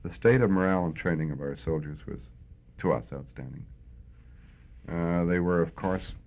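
An older Canadian man recalling his wartime service in an oral history interview, reflective and hesitant, with many pauses and fillers. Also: sits low. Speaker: veteran interviewee. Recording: tinny phone-like lo-fi recording.

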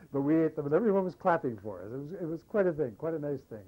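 An older man recounting wartime memories in an oral history interview, a lively storyteller who acts out the dialogue. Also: fairly high pitch, very fast, few pauses, muffled recording. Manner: lively anecdotal storyteller, animates quoted dialogue. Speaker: war veteran interviewee.

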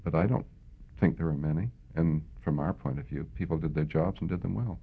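An older Canadian man recalling his wartime service in an oral history interview, reflective and hesitant, with many pauses and fillers. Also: very deep voice, vocal fry, slightly rough. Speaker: veteran interviewee. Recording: tinny phone-like lo-fi recording.

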